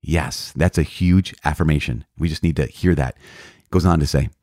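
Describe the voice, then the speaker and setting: A man's voice: a bass voice, normal speed, a little mellow, no echo, studio quality. A man, a priest, teaching from the catechism in an earnest, emphatic way, often restarting and correcting himself.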